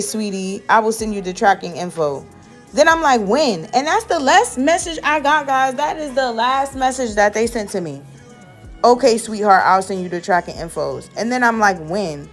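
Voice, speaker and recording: A young woman from the Bronx, telling a casual, animated storytime for her vlog in a slangy, sassy way. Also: a little high. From the Bronx, New York. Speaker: nail and beauty vlogger.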